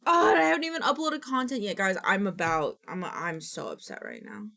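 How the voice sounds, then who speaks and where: A woman's voice: medium pitch, sing-song, a little fast, gravelly, sharp tone. A woman streamer chatting casually on a live stream, rambling and frustrated, sometimes slipping into goofy baby talk.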